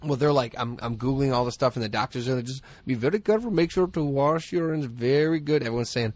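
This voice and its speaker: A man co-hosting a podcast, rambling through casual comedic chat, self-mocking and quick to laugh. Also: medium pitch, darkish tone, no echo. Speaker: podcast co-host.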